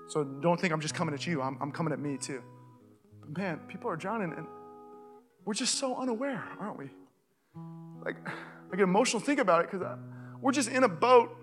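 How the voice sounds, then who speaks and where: Preaching from a church stage, a high-pitched male pastor with a Californian accent shares a personal story. His delivery starts casual and animated, then builds toward urgent appeals.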